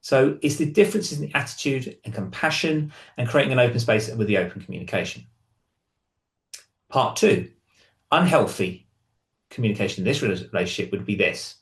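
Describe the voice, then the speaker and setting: A man's voice: lowish voice, animated, fairly quick, roomy sound. A man, a hypnotherapist, explaining to camera and reading example lines in different tones. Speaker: hypnotherapist and relationship counsellor.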